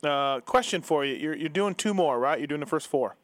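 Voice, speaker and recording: Man, talk show host, teasing, fairly high pitch, dry close sound. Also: animated, brisk, dry recording. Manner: joking, teasing banter. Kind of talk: casual radio talk show.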